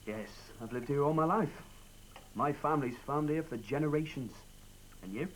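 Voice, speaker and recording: An actor playing a laconic local farmer whose family has farmed the land for generations, in a scripted language-course drama. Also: male voice, fairly high pitch, moderate pace, a little hiss or hum, lightly acted, poor audio. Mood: dry. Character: older male farmer, lifelong local.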